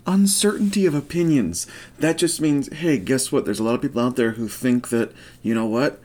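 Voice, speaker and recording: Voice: mid-range voice, a little fast, warm tone. A podcast co-host chatting casually, rambling through wry, joking remarks and restarting phrases.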